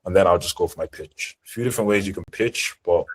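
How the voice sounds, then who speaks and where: Low, husky-voiced man coaching sales. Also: quick pace, low-quality recording. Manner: direct, assertive coaching talk. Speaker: sales trainer. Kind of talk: live seminar teaching. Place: online group call.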